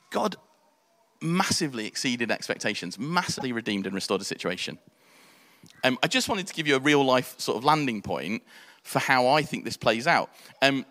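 A man, preaching a sermon in an animated storytelling way. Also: fairly high pitch, in a large hall. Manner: animated storytelling, acts out quotes in voices.

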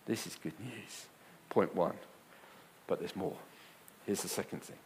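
Male preacher, sermon delivery, emphatic, loud-soft swings, repetition for emphasis. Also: mid-range voice, husky. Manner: emphatic, rising to loud bursts then dropping quiet; repeats phrases for emphasis.

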